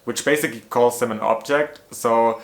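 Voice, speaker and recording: Brief: man, mid-pitched, exasperated casual storyteller, echoey room. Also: moderate pace. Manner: chatty, many "like" fillers, exasperated retelling. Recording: roomy echo.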